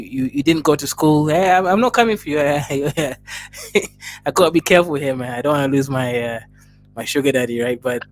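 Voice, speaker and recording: A man with an East African accent hosting a livestream, laughing and teasing viewers as he reads their messages. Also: a little high. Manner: laughing, teasing, talks straight to chatters. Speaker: livestream host. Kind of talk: casual livestream chat reading viewer messages.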